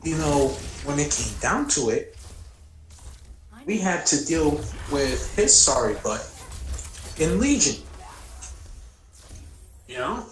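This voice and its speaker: A man's voice: fairly high pitch, big pitch swings, slow pace, long pauses. Rambling man on a stream, echoey room. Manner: rambling, many fillers. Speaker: stream co-host. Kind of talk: casual chat on a gaming stream.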